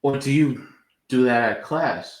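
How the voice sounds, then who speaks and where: A man co-hosting a casual wrestling podcast, thinking through ideas out loud. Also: a little slow, echoey room. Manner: thoughtful, lively swings in pitch. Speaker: podcast co-host.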